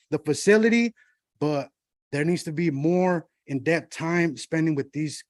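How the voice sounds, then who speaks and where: A man's voice: fairly high pitch, dry recording, studio quality. A man, a shelter monitor, giving a heartfelt public comment at a city council meeting, often saying "you know.".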